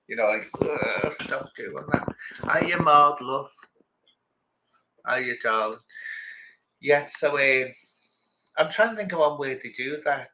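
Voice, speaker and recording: A middle-aged man hosting a livestream, with a bright, forward tone. He talks to his viewers in a loose, rambling way and greets them by name between thoughts. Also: medium pitch, rough recording. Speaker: livestream host. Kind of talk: casual chat with viewers.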